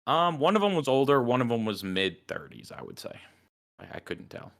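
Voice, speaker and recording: A man's voice: mid-range voice, big pitch swings, fairly quick, a bit bright. A man with a Southern US accent, co-hosting a podcast and telling rambling stories in casual chat. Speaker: podcast co-host.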